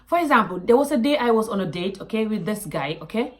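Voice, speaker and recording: A young woman from Gambia speaks with a West African accent in a casual monologue to camera. She tells her story in an animated way, mimics other people loudly and drops to quiet asides. Her pitch sits in an ordinary middle range for a woman. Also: quick pace. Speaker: vlogger.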